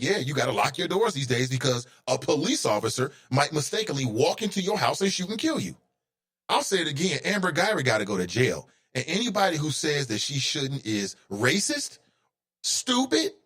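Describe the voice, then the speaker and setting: A man rants through his own talk show, his voice sitting a bit high. He speaks with heated conviction and repeatedly rises to indignant outbursts. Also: sing-song, a little fast, a bit bright. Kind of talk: opinionated solo commentary.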